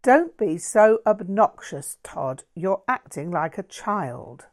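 Woman reading a frank young woman, brisk, plain-spoken, storybook voice. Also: mid-range voice, sing-song. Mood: scolding.

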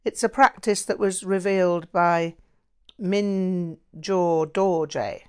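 A well-informed Buddhist woman who explains things step by step, read by a woman narrator. Her delivery is low and slow, measured rather than dramatic. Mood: explaining. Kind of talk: audiobook reading.

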